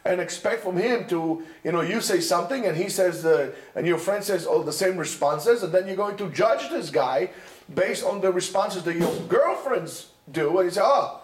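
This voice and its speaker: A man teaching yeshiva students in an informal lecture, animated and chatty, peppering his talk with Hebrew and Yiddish terms and constant "you know" and "right?". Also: sits high. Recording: echoey room.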